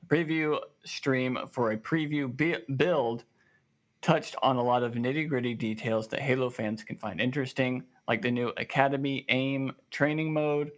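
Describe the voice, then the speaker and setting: A man with a Southern American accent, co-hosting a casual gaming podcast, joking and reading news aloud with fillers. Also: medium pitch. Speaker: podcast co-host.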